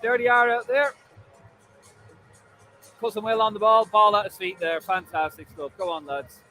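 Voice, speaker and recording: A man's voice: high voice, fairly even intonation, normal speed, sharp tone, faint music behind, poor audio. An Irish man hosting a live football fan stream from a stadium, chatting and bantering with viewers' comments. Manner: chatty, jokey banter, frequent fillers. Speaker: football fan livestream host. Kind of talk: casual live chat reading viewer comments.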